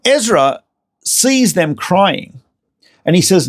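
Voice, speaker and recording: A man, a rabbi, giving a recorded lecture as an animated storyteller who repeats words and corrects himself. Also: on the high side, a little slow, vocal fry, husky.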